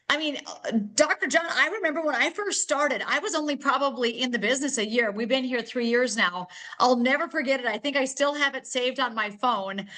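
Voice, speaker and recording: A woman hosting an online talk, with a high voice. She gushes with excitement, telling stories quickly and eagerly. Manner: effusive, fast and excitable, gushing. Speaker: host. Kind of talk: enthusiastic online sales chat.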